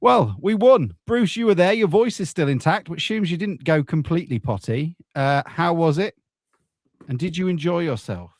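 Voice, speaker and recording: A man's voice: a little high, normal speed, dry recording. Dry-voiced podcast host, a man. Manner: relaxed, joking, with fillers. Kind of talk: casual football podcast chat.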